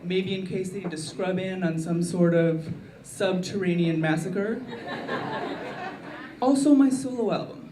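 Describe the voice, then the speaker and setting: A woman's voice: lowish voice, a little slow, noisy background. Woman doing standup, dry wry delivery, echoey club, crowd laughing, a bit far from the mic. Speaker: stand-up comedian. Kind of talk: stand-up routine. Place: comedy club.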